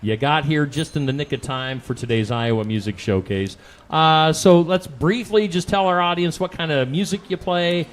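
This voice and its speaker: A middle-aged man hosting a music showcase interview, laid-back and quick to laugh. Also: fairly high pitch. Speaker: show host. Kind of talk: casual interview.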